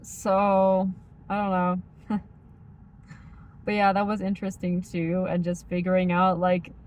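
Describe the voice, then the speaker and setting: A woman with a faint Midwestern accent chatting casually as a vlogger, rambling and filling every pause with "like" and "um". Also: fairly low pitch, monotone, darkish tone. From United States. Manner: rambling, heavy use of like and um. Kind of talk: casual chat.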